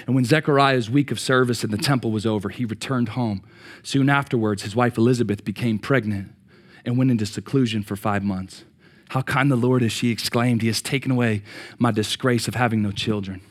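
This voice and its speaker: A middle-aged man preaching a sermon, swinging from loud excited peaks to quiet reflection and repeating words as he restarts. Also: medium pitch, fairly quick. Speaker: pastor.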